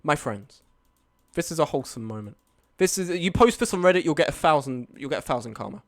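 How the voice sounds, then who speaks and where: A man's voice: fairly high pitch, lively intonation, a little fast. A young man telling a night-out story on a live stream, swearing and arguing back at his chat. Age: young adult.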